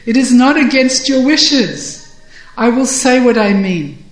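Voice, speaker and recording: A storyteller voicing a wise, gently teasing elderly woman, lifting the voice a little for her lines. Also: mid-range voice, takes it slowly, lightly acted. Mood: playful. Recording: roomy echo.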